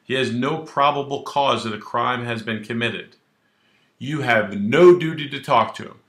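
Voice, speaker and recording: A man who is a criminal defense attorney, explaining the law straight to camera in a brash, animated way and acting out little scenes. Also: medium pitch, moderate pace, reverberant. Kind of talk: direct-to-camera legal explainer.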